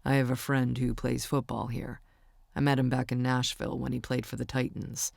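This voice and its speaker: A woman narrating an audiobook who voices a young male country singer, soft-spoken and teasing. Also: a bass voice, little pitch movement, moderate pace, vocal fry, no echo, clean studio sound, voice pushed down, full character voice. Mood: relaxed.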